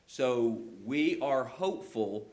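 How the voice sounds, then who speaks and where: A man's voice: mid-range voice, expressive, takes it slowly, darkish tone. An older man with a rural Southern accent, presenting his company at a public hearing and taking questions, earnest, with lots of "you know" fillers. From Georgia, US. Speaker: telecom company representative presenting.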